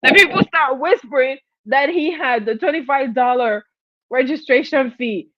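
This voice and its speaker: A woman hosting a live stream, telling gossip in a chatty, animated way and acting out quotes. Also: sits high, moderate pace, dry recording, highs cut off. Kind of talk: casual gossip commentary.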